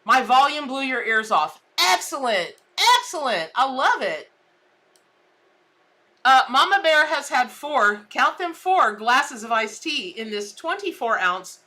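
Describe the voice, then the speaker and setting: A woman's voice: high-pitched, sing-song, unhurried, sharp tone. A woman hosting a live tarot stream, chatting in a bubbly, exclamatory way with viewers. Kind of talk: casual live-stream chat. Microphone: desk mic.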